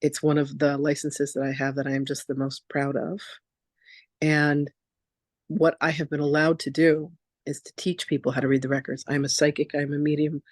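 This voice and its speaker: A woman spiritual teacher leading a masterclass, telling stories in a chatty, animated way with lots of casual fillers. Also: deep voice, moderate pace, no room sound, clean studio sound. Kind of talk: casual storytelling lecture.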